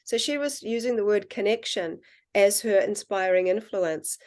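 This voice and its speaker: Woman guest telling lively anecdotes. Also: medium pitch, normal speed. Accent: non-American accent, self-described. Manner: animated storyteller, acts out quoted dialogue. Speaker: guest, water researcher. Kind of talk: casual conversation.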